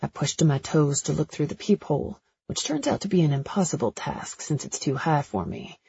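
A woman narrating a first-person romance audiobook in a breathy, intimate storytelling voice. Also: low-pitched, big pitch swings, a little fast, dark tone, no room sound, highs cut off.

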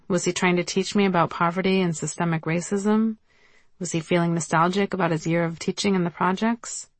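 A woman narrates her own memoir as an audiobook, telling her story in a wry manner. Her voice is lowish, and the recording has no echo.

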